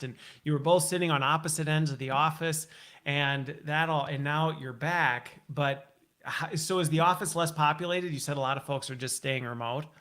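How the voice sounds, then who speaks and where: A man hosts a live online show in a casual, upbeat way. His voice sits a little high for a man, and he laughs often and teases his guest. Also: a bit bright. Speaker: host. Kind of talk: casual livestream chat.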